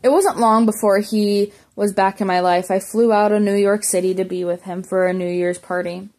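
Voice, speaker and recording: A woman's voice: mid-range voice, fairly even intonation, moderate pace, a little mellow. A woman reading a memoir aloud as an audiobook, plainly, with small slips and self-corrections. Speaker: audiobook reader.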